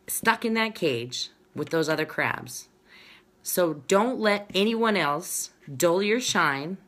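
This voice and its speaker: A woman's voice: fairly low pitch, fairly bright tone. A woman fitness coach in her thirties, chatting casually to followers and reading their comments aloud as she rambles through a story. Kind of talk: casual chat to followers, live-streamed.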